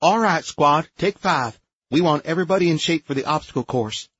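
A man voicing a brisk female drill sergeant who barks commands at her squad. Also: a little high, fairly bright tone, slightly rough, dull audio, voice pushed up. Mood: commanding. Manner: barking commands.

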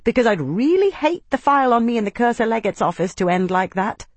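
Eren-style wry young knight, as voiced by a narrator, sarcastic quips, pitched above the narration, dry close sound. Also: male voice, animated, brisk, no echo.

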